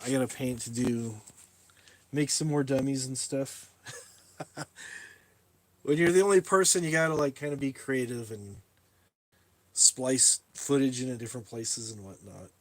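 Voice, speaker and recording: A man's voice: medium pitch, a little slow, pauses often, no room sound. A man live streaming a casual tour of his workshop, rambling, laughing at himself and chatting with viewers. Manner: rambling, self-mocking, laughs often. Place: workshop in a shipping container.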